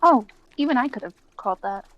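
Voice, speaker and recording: Woman co-host, teasing, fairly high voice, muffled lo-fi mic. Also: animated, a little fast, no echo. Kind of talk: casual chat. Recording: slightly dull lo-fi sound.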